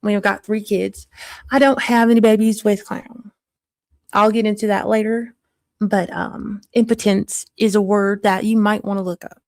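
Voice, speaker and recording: Woman doing a crass country mother of three, put-on Southern twang, blunt and gossipy, mid-pitched, dry close sound. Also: fairly even intonation, moderate pace, a little mellow, no room sound, lightly acted. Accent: put-on Southern country accent. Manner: blunt gossipy storytelling, crude jokes. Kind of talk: live-streamed character monologue.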